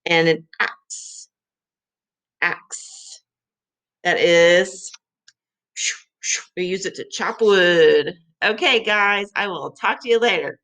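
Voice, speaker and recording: A woman's voice: lowish voice, slow pace, a bit bright. A middle-aged woman teaching vocabulary to young children, sounding out letters and syllables.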